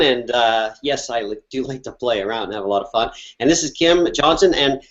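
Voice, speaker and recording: A Canadian man co-hosting a live coaching session, talking at an easy middle pitch. He rambles a little and leans on fillers. The sound is dull and lo-fi. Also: brisk, a little hiss or hum. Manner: relaxed, rambling with many fillers. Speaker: life coach, co-host. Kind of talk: casual live online chat.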